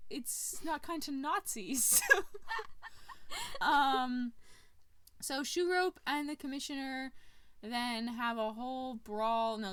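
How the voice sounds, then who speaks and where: A woman hosting a podcast, casually retelling a movie plot in an animated way, with fillers and laughs along the way. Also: sits high, clear, resonant tone. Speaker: podcast host. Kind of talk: casual movie recap chat.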